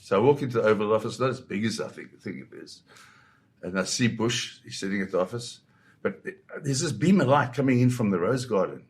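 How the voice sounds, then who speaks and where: A man from Zimbabwe, a photographer guest, telling anecdotes in a lively raconteur's way and acting out the voices of people in his stories. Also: lowish voice, a little fast. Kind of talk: anecdotal storytelling.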